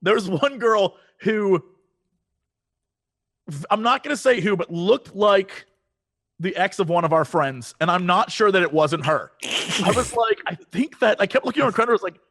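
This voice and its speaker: A man chatting as a podcast guest, telling animated stories and breaking into exaggerated quoted voices. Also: high-pitched, normal speed, pauses often. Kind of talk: casual chat. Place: Los Angeles.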